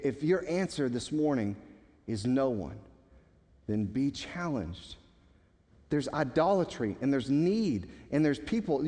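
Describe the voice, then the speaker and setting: A man's voice: fairly high pitch, darkish tone. A man preaching a sermon in a church, emphatic, with stammered restarts. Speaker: pastor. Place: church sanctuary. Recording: long hall reverb.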